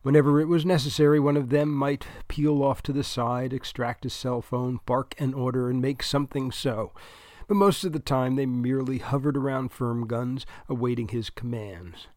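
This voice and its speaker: A man's voice: mid-range voice, a little mellow, dry recording, studio quality. A man reading a comic novel aloud as narrator, wry and dryly humorous, with asides to the listener. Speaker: audiobook narrator.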